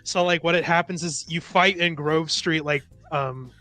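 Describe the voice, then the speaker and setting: A man's voice: fairly high pitch, fairly even intonation, moderate pace, pushed and bright, soft background music. A young man chatting casually as a podcast co-host, laughing and chiming in with reactions. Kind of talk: casual chat.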